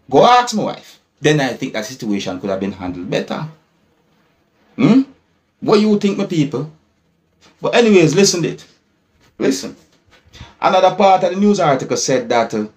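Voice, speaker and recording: Jamaican guy vlogging about a news story, keeps checking in with viewers, medium-pitched voice. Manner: keeps asking viewers "you see?"; retells news article in repetitive storytelling. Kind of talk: news commentary vlog.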